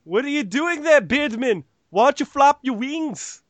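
A man putting on a mock Scottish accent to tease someone in a high, mocking voice. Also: lively intonation, a little slow, dry recording. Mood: teasing.

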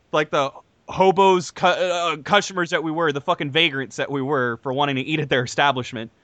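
An exasperated man rants through a profane comic story, his pitch swinging wildly. His voice is bright and edgy. The sound is dry and close. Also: dry recording. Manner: animated, exasperated, heavy swearing. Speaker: podcast co-host telling a story.

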